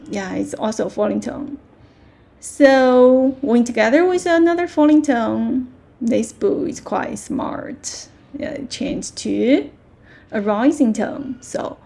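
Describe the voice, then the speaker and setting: A woman with a Mandarin Chinese accent teaching a language lesson, patiently repeating words slowly with clear tones. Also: fairly high pitch, warm tone.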